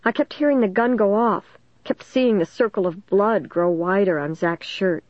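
A woman narrating a first-person suspense story in a steady, dramatic storytelling manner. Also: medium pitch, moderate pace, no room sound, dull audio. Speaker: audiobook narrator.

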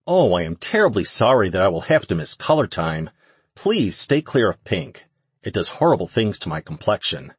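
A man reading the part of a haughty, sarcastic female demon in an audiobook, with a low, husky voice. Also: very animated, normal speed, no room sound, full character voice. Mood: sardonic. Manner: mocking, dismissive.

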